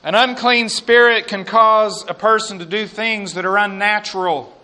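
A man preaching a sermon and reading scripture aloud, slow and emphatic, with quiet asides. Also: high-pitched.

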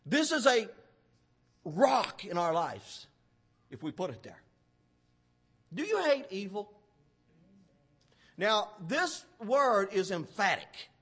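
A man preaching a sermon, fervent and with sudden loud emphasis. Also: extremely high pitch.

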